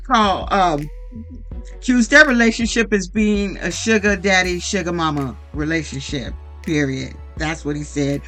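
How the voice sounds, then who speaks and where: A reality TV recap commentator giving a blunt, profane, animated monologue that acts out quoted lines. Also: medium pitch.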